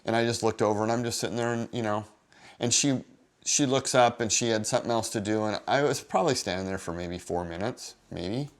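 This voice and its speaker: Indignant, rambling man with low voice. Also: fairly quick. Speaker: vlogger. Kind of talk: casual vlog monologue.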